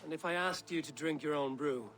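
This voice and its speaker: An actor voicing a fierce male viking warrior in a video game, steady and commanding. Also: fairly high pitch, brisk, over music, lightly acted.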